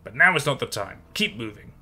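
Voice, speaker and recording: A man's voice: lowish voice, normal speed. A man voicing a tiny, bent, fiery old woman with a slight Dutch accent who barks orders and scolds in a horror story narration. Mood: curt. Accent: Dutch-tinged. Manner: sharp, scolding, barking orders.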